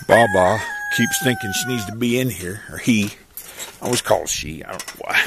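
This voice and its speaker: Fairly low in pitch but with huge pitch swings, this homesteader speaks at a normal speed over slight background noise. He casually vlogs his outdoor chores in an animal pen, folksy and rural, chatting to his animals between explanations and loudly calling his dogs.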